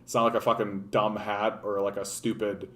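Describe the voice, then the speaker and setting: A man's voice: on the low side, flat delivery, moderate pace. A man hosting a casual political livestream, talking off the cuff, rambling with frequent restarts and swearing. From Canada. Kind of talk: casual unscripted commentary.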